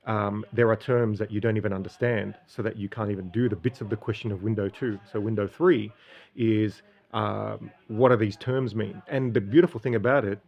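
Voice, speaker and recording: A man's voice: fairly low pitch, steady tone, moderate pace, vocal fry, dull audio. An Australian man from Sydney explaining a study method in a casual, rambling monologue with many ums and restarts. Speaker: streamer.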